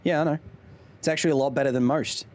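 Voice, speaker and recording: A man's voice: fairly high pitch, steady tone, fast. A man in his thirties hosting a casual live stream, joking while reading chat aloud. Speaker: streamer and host.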